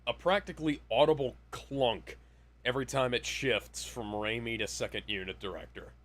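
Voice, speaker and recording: A man's voice: mid-range voice, moderate pace, fairly bright tone. A man co-hosting a casual movie podcast, offhand and rambling, with plenty of swearing. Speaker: podcast co-host.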